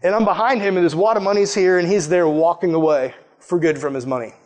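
A man preaching a sermon through a personal story, talking casually with lots of fillers and animated retellings. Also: high voice, fast.

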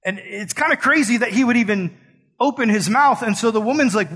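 A man delivers a sermon in a high voice with a husky edge. He preaches earnestly but talks like everyday conversation, dropping in casual slang. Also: lively intonation, fairly quick, fairly bright tone. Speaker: pastor.

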